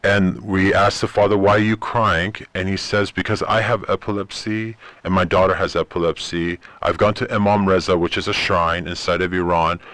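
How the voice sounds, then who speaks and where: A fairly low-voiced man, a native Persian speaker, tells stories as an interview guest. He talks in an animated way and acts out the people he quotes. The sound is dry and close. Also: moderate pace, hardly any pauses, no room sound. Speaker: ministry guest. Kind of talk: interview storytelling.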